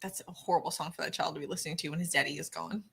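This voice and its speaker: A woman's voice: sits low, steady tone, racing, creaky, fairly bright tone, a little hiss or hum. A woman from the rural Midwest co-hosting a watch-party stream, reading chat and joking bluntly with lots of swearing. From rural Midwest of the United States. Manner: laughs often, swears, blunt. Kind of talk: casual joking commentary.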